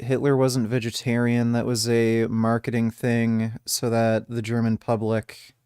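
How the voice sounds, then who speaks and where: A man's voice: medium pitch, smooth, no room sound, studio quality. A man streaming, reacting to an interview and ranting bluntly and profanely at his viewers. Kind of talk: casual stream commentary.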